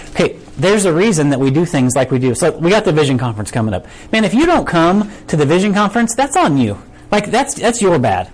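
A man's voice: a little high, very animated, a little fast, poor audio. A man preaching a casual sermon, conversational and full of rhetorical questions. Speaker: pastor.

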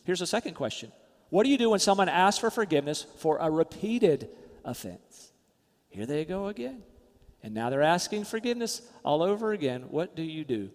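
A man preaching a sermon as pastor, emphatic, rising loud then dropping to quiet, soft asides. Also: on the high side, big pitch swings, brisk, in a large hall.

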